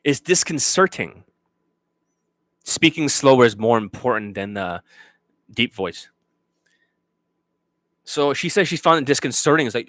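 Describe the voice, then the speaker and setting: A male dating coach in full rant, blunt and cutting, swearing freely. His voice sits at an ordinary pitch. The sound is dry and close. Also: lively intonation, moderate pace, long pauses, fairly bright tone, no echo. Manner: profane, blunt, mocking.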